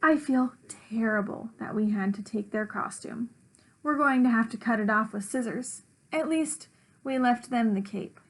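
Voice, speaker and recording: Lady doing a mom in the car with a million questions, exasperated, bit high. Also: moderate pace. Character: puzzled mother questioning her child.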